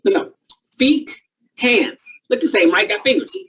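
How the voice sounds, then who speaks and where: A man's voice: very high voice, animated, unhurried, fairly bright tone, recorded from a distance, low-quality recording. A man leading a naturopathy training class, coaching volunteers through a live demonstration and repeating short commands. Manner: loose, informal phrasing. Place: training room before a live audience.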